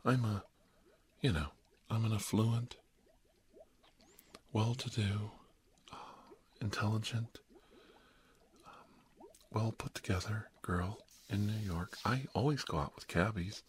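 A prim and genteel young lady, put on by a man, speaks in a fussy, affected tone. Her voice sits low and deep for such a dainty character. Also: slow pace, long pauses, darkish tone, a little hiss or hum. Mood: haughty. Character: prim, refined young woman on a first date.

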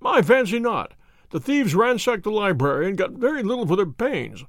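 A man voicing a bluff, hearty old army colonel who talks briskly and emphatically. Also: high-pitched, sing-song, a bit bright, dry recording, studio quality, pitched above the performer's own voice, exaggerated voice.

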